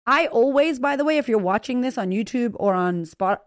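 A woman hosting a podcast in a casual motivational monologue, blunt and profane, talking straight to her listeners with energetic emphasis. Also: on the high side, moderate pace, hardly any pauses, no echo, clean studio sound. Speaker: podcast host and business coach.

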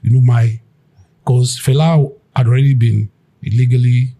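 A man's voice: mid-range voice, normal speed. A Nigerian man, a musician, recounting his past in an interview and acting out the people he quotes. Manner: animated, acts out quotes. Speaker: guest musician. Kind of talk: storytelling interview.

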